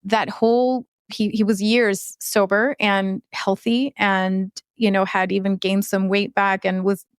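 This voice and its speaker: A woman in her thirties, a podcast guest, telling a hard personal story in a halting way, often searching for words. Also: mid-range voice, flat delivery, smooth, no echo, studio quality. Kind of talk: emotional interview storytelling.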